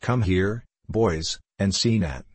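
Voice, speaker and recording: A man voicing a warm, cheerful, motherly woman with a brisk, kind way of speaking. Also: sits low, husky, dry recording, full character voice.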